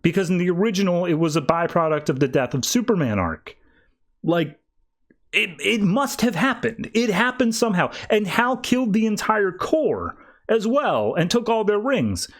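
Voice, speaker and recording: A man on a podcast retells a comic book plot in a loose, chatty way. His voice sits a little higher than most men's. He slips into quick character voices mid-sentence without really changing his sound. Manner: animated retelling, voicing characters in quick asides. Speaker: podcast host. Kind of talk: casual comic recap.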